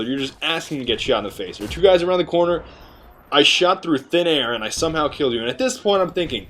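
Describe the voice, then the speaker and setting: A man's voice: mid-range voice, a little hiss or hum. A young man giving casual, joking gameplay commentary with rambling, chatty asides. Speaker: gaming video commentator.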